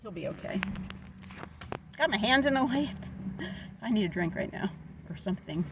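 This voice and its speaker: A woman's voice: medium pitch, lively intonation, moderate pace, noisy background. A woman vlogger telling a story in a casual, upset, rambling way, venting about what happened to her dog.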